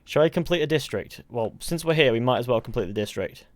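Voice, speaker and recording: A man's voice: mid-range voice, expressive, fast talker, no echo. A chatty male streamer with a blended Mancunian and West Country English accent, talking in a middling voice. He rambles loosely and answers his chat. The sound is close and dry. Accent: mixed Mancunian, West Country and Southern English. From England. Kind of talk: casual live-stream chat.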